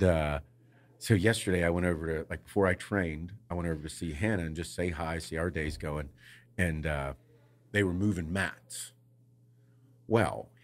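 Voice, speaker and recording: Low-ish guy on a podcast, cussing a lot, animated storyteller. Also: breathy edge. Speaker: podcast co-host. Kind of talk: casual chat.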